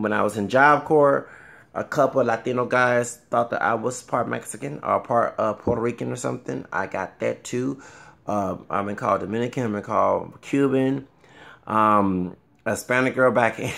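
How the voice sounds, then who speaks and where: A man's voice: medium pitch, normal speed, vocal fry, fairly bright tone. A man in his thirties talking casually to camera, rambling with repeated words and frequent fillers. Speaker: vlogger.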